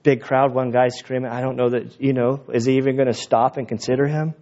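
A man preaching as a pastor, conversational and animated, with quick asides. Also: mid-range voice. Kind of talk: sermon. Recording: dull lo-fi recording.

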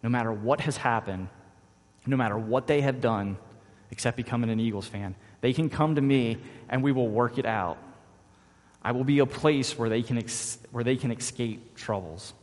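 A man's voice: medium pitch, normal speed. A man, a father, preaching a sermon as pastor, earnest and repeating key phrases for emphasis. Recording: long reverb of a large hall.

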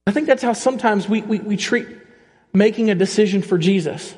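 A man with a high-pitched voice preaches a sermon to a congregation. He swings between animated, rising passages and quieter, slower stretches, often stopping to ask his listeners questions. His voice rings out with a long reverb in a church hall. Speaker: pastor.

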